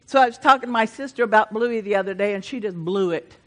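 An older woman preaching a sermon, moving between fervent, building passages and chatty asides with the congregation. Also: fast talker. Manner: swells louder and higher when preaching, drops to chatty asides with the congregation.

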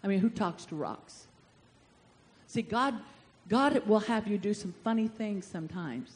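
A woman pastor preaching a fervent sermon, drawing answers from the congregation and rising to shouts. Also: medium pitch, lively intonation, a little slow. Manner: call-and-response with congregation.

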